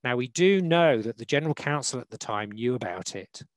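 A man speaking as a law panelist in a formal online talk, measured and hesitant with frequent fillers, on a video call. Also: mid-range voice, expressive, dry recording, low-quality recording. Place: online webinar.

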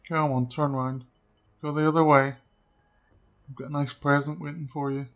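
A man giving casual gameplay commentary, chatty and often dropping to quiet muttering as he sneaks around. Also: a little high, level tone, moderate pace. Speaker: let's play gamer.

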